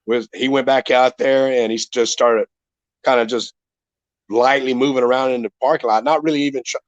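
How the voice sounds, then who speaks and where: Speaking in a drawl at a normal pitch, a middle-aged former MMA fighter on as a guest rambles through a foul-mouthed fight story, restarting often. He talks briskly with fairly even intonation. The audio is dry and a little muffled, as if from a home podcast microphone.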